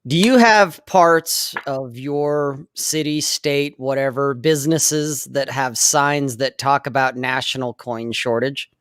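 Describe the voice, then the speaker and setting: A man chatting on a podcast, his voice smooth and resonant as he spins a wry, slightly conspiratorial story. The sound is dry and close, with no room echo. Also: medium pitch, takes it slowly, few pauses, fairly bright tone. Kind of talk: casual podcast chat.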